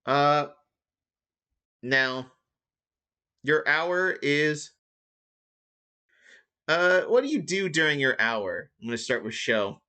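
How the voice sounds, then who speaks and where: A man's voice: a little high, animated, slow pace, long pauses, bright, forceful tone, smooth. A man running a tabletop game as dungeon master, rambling and joking with lots of fillers. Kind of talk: casual game-master narration.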